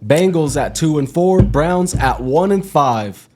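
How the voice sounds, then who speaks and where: A man's voice: a little high, takes it slowly, soft background music. A man co-hosting a casual sports chat, running through matchups and scores. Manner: reads out matchups and scores in a steady rundown. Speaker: sports podcast co-host.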